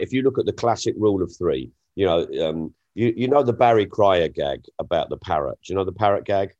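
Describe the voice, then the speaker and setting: Animated low-voiced comedian. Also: male voice, highs cut off. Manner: animated storyteller, jumps in pitch for punchlines. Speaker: stand-up comedian. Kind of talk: casual podcast conversation.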